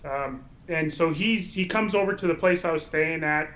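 A man telling stories as a guest in a casual chat, animated and full of restarts. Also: on the high side, normal speed, rough recording. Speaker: guest documentary filmmaker. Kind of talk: casual storytelling in a podcast chat.

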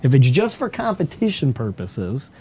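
A man's voice: medium pitch, huge pitch swings, moderate pace, darkish tone, breathy edge. A man hosting a casual gaming podcast, chatty and upbeat. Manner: chatty, upbeat announcer bursts. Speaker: podcast host.

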